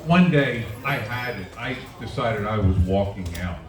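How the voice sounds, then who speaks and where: Lowish and animated, a little slow, this man in his sixties jokes at his own expense during a live stand-up set at a winery. A camera on a tripod at the back of the room records him, leaving the sound echoey, distant and mixed with audience noise.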